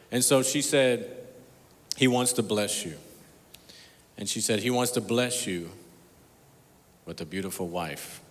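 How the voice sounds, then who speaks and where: Pastor preaching in a reverberant hall. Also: male voice, mid-range voice. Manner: storytelling, swings from hushed to loud and emphatic. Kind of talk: sermon. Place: church sanctuary.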